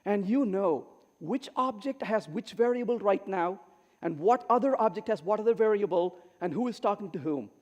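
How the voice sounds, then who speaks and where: A middle-aged man with a voice that sits high, speaking at normal speed, delivers a humorous keynote in a large conference hall. He's animated, telling stories and acting out the lines of the people in them, and the hall sounds reverberant.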